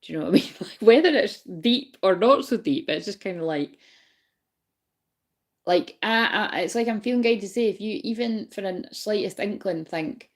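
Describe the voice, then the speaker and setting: A woman's voice: medium pitch, lively intonation, normal speed. A woman giving a casual, rambling spiritual reading to viewers. She swears freely, laughs often and keeps asking whether they know what she means. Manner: laughs often while talking. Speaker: spiritual reader.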